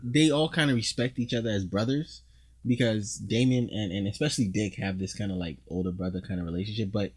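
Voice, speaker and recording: A man co-hosting a comic book chat, talking casually and excitedly, with many restarts and fillers. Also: fairly low pitch, fairly quick, slightly rough. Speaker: comic book podcast co-host.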